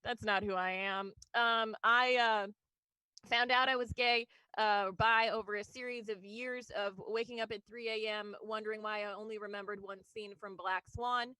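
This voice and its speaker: A woman's voice: medium pitch, steady tone, moderate pace, pushed and bright, no room sound, low-quality recording. A woman doing a stand-up comedy set, rambling and self-deprecating with lots of fillers and little laughs. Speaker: stand-up comic.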